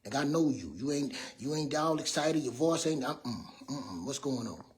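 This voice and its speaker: Man in his fifties, loud rambling motivational talk, mentor voice, preachy. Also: medium pitch, animated, normal speed. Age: 50s. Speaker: mentor speaking to young people. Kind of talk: motivational monologue.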